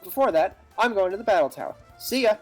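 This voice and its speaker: An eager young game rival, bragging that the treasure will be his, voiced by a player. The voice sits mid-pitch, and faint game music plays underneath. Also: lively intonation, quick pace, lightly acted. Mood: boastful. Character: impatient, boastful young male rival trainer.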